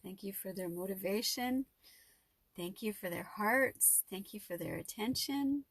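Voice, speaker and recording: A woman's voice: mid-range voice, measured pace, slightly rough, no room sound. A middle-aged woman talking to her viewers in an emotional, rambling personal vlog with a spiritual bent. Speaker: vlogger.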